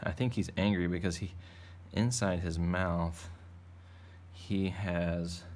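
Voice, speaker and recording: A man's voice: deep voice, steady tone, takes it slowly, darkish tone, a little hiss or hum. A man teaching a drawing lesson for kids, talking in a playful, rambling, jokey way as he draws. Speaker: art teacher.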